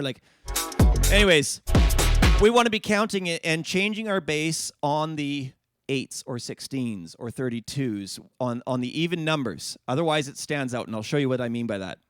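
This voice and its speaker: A man's voice: fairly high pitch, fairly bright tone, no echo, studio quality. A man teaching DJ techniques on a live stream in a casual, explaining way, with frequent fillers and restarts. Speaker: DJ instructor. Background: dance music playing.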